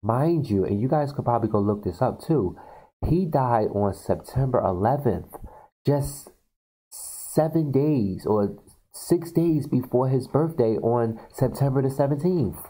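Man, video blogger, casual storytelling, animated, filler-heavy, warm mellow tone. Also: mid-range voice, a little slow, breathy edge, rough recording. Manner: animated retelling of film scenes, many fillers.

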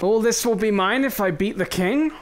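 A young man giving excitable gameplay commentary, full of swearing and mock threats. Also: high-pitched, moderate pace, background noise. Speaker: gaming YouTuber.

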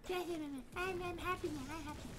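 A stammering, whiny little boy, squeaking in a very high voice and repeating his words. He calls for his mama and swears he's a grown man. A steady hiss of background noise runs under his voice. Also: fast talker. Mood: childish, whiny. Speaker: game streamer. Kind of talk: comedic gameplay role-play.

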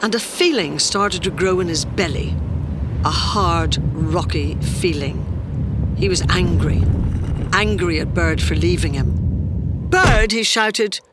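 A narrator reading a children's storybook aloud in a gentle, expressive way in a noisy recording. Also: medium pitch, measured pace.

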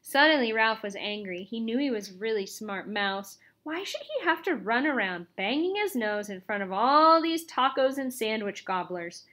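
A woman reads a children's chapter book aloud with lively expression. Her voice sits a little high, and she narrates with an animated storytelling lilt. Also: moderate pace, few pauses. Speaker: audiobook reader.

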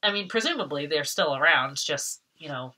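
A woman vlogger from Massachusetts chatting casually through an unboxing, excitable, laughing often and swearing when she rants. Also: sits low, normal speed, slight background noise.

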